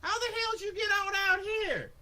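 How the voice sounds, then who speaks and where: A game master puts on a folksy frontier spacer who drawls and cusses his way through every explanation. His voice sits high and bright, casual and rough around the edges. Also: fairly quick, slight background noise, full character voice. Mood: astonished. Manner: drawling, swearing, backwoods slang. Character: folksy drawling spacer man at a remote station. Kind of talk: voicing a character in a tabletop game.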